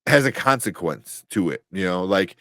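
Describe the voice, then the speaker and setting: A man's voice: low voice, lively intonation, moderate pace, bright, forceful tone, no echo, clean studio sound. A man co-hosting a live show, talking casually with many fillers and restarts and laughing often. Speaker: podcast co-host reading chat. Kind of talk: casual live-stream chat.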